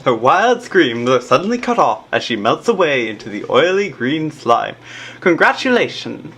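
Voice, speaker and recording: A woman playing through an adventure game, reading its text aloud between relaxed murmured fillers. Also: deep voice, moderate pace, slight background noise. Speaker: let's play player.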